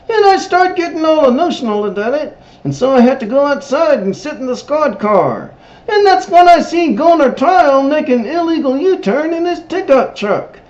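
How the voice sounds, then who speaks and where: A man hosting a TV episode recap, telling it in character in an excitable, emphatic way. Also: very high-pitched. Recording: roomy, dull lo-fi recording.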